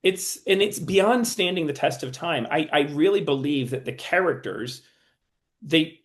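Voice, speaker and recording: A man's voice: a little high, lively intonation, unhurried. A man being interviewed as a TV writer and producer, talking casually and often stopping and restarting while he thinks.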